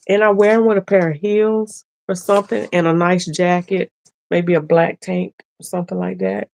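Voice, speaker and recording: A woman's voice: lowish voice, flat delivery, moderate pace, creaky, darkish tone. A woman hosting a casual sewing live stream who chats and laughs with her viewers, speaking. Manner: chatty, laughing, talks to viewers directly.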